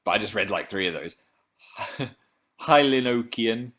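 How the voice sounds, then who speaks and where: A man's voice: on the low side, animated, a little slow, fairly bright tone. A young man from England hosting a casual live stream, chatting playfully and reading out viewer comments.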